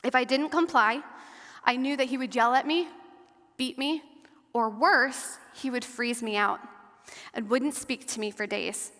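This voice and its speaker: Woman guest speaker, fairly high voice, earnest testimony, measured delivery, long hall reverb. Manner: earnest and measured, slowing and softening at hard moments. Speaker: guest speaker and survivor advocate. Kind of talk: personal testimony talk to an audience. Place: large hall or church.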